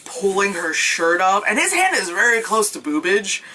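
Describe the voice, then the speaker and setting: A woman's voice: medium pitch, normal speed, poor audio. A woman giving a casual, sarcastic movie recap, swearing freely. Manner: animated, sarcastic, swears freely, acts out scenes with yelps. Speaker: movie reviewer.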